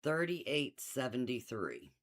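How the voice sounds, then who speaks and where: A middle-aged woman hosts a live sale from her quilt shop in a relaxed, unhurried way. She chats warmly to viewers, laughs easily and reads out item numbers as she shows off the fabric. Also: extremely low pitch. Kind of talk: casual live-stream sales chat.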